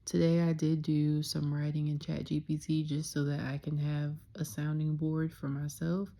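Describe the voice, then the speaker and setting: A young woman talking candidly in a reflective personal vlog, soft-spoken and sometimes dropping into a whisper. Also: low voice, level tone, moderate pace. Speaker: vlogger.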